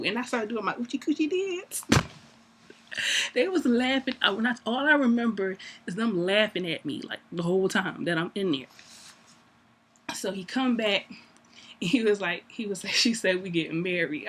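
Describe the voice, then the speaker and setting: A young woman telling a story to camera in a casual, animated way, acting out both sides of a conversation and laughing often. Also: a little high, normal speed, husky. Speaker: vlogger.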